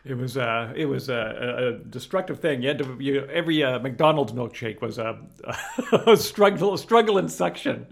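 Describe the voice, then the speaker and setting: A man's voice: medium pitch, animated, normal speed, vocal fry, hardly any pauses. A man co-hosting a podcast in casual chat, rambling playfully with many restarts. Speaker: podcast co-host.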